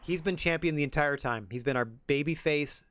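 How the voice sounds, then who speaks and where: A man streaming a game, chatting casually in a rambling, self-effacing, soft-spoken way. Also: a little high, fairly quick. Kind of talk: casual chat while playing.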